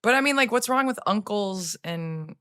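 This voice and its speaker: A woman's voice: medium pitch, expressive, moderate pace, sharp tone, no room sound, clean studio sound. A woman in her forties hosting a podcast, chatting playfully and laughing easily as she tells stories. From United States. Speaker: podcast host. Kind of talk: casual podcast chat.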